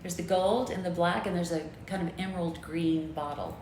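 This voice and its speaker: A woman co-hosting a livestream, chatting in a relaxed, teasing, dry way. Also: lowish voice, moderate pace, reverberant, slight background noise. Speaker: co-host of a livestream. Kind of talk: casual chat. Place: home.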